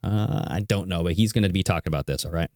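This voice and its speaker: A man's voice: fast, dry recording, studio quality. A man hosting a show, chatting casually as he reacts to video clips. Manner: animated, jumps into high mock tones.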